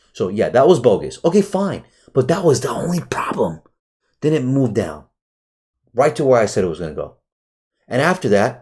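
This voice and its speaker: Excitable, profane man reviewing trading charts. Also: on the low side, normal speed, slightly rough. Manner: profane, excitable, rhetorical questions. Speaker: trading educator. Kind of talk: casual screen-share chart review.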